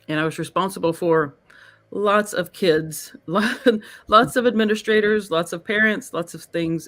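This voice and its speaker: A woman's voice: lowish voice, a bit bright. A woman hosting a live-streamed talk series, speaking in an effusive, emotional way and laughing often. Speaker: host. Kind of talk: casual live-stream chat.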